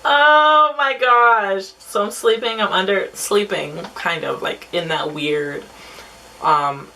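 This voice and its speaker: A young woman vlogger telling a story casually, chatty and animated. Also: slow, vocal fry, slight background noise, poor audio. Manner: chatty, animated, acts out quotes in a high voice. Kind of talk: casual storytime while doing makeup.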